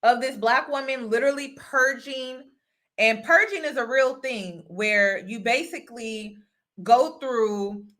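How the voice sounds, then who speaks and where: A woman's voice: on the high side, sharp tone. A woman from the United States hosting a casual vlog monologue, speaking earnestly and repeating phrases for emphasis. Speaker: host and mentor.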